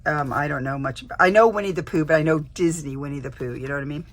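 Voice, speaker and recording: Rambling woman with a husky voice. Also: sits low, fast. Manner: rambling, chatty, many fillers and restarts. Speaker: junk journal vlogger. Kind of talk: casual show-and-tell chat.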